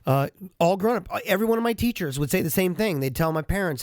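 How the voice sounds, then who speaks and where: Man, casual vlog monologue, animated, self-mocking, slightly high voice, dry close studio mic. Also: quick pace, dry recording. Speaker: vlogger and podcast host. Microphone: studio microphone with headphones.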